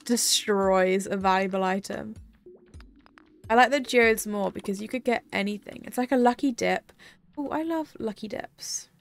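A woman's voice: mid-range voice, normal speed, creaky, faint music behind. A young woman chatting casually on a live game stream, rambling and giggling as she talks to her viewers. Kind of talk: casual live-stream chat while gaming.

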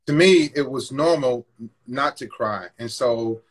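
A man's voice: mid-range voice, unhurried, husky. A man guest candidly recounting his past treatment of a partner, blunt and stumbling, acting out what he used to say. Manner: blunt, repeats words, acts out his past self. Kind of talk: candid personal confession.

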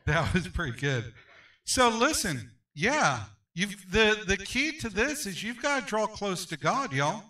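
A man's voice: sits high, sing-song, measured pace, pushed and bright, far from the mic, low-quality recording. Male pastor leading Sunday school; brassy, ringing voice, emphatic call-and-response, picked up from across the room. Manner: emphatic, repeats phrases, calls for amens.

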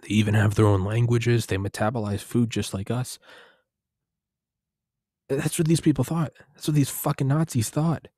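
A man's voice: medium pitch, steady tone, moderate pace, dark tone, dry recording, clean studio sound. A young man talking in a casual, rambling monologue, profane and digressive, often restarting his sentences.

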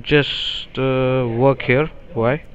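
A man's voice: medium pitch, steady tone, drawn-out words. A man from India, a call center scammer who swears and talks back. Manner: cursing, defiant, then wary. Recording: dull lo-fi phone call.

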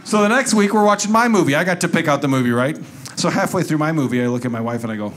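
A man's voice: fairly high pitch, expressive, very fast, hardly any pauses, a little hiss or hum. A male comedian telling a stand-up story in a conversational way, acting out quotes.

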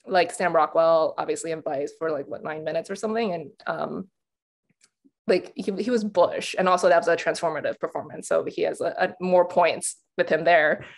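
A young woman with a fairly low voice talks awards predictions in a loose, casual panel chat. She fills her sentences with "like" and restarts. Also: moderate pace, vocal fry. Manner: chatty, lots of "like" and restarts, laughs easily. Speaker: awards pundit.

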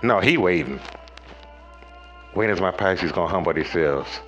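A man gives a preachy tarot reading in a very lively, up-and-down voice, swinging from loud highs to low murmurs. He talks straight to his viewers in slangy, profane speech. The audio is dull and lo-fi, with faint music underneath. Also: a little slow. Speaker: tarot reader.

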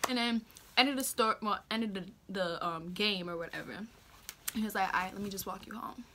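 Bright-voiced teen girl vlogger. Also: medium pitch, moderate pace, slight background noise. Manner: animated slangy storytelling, acting out quotes. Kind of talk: casual storytime vlog.

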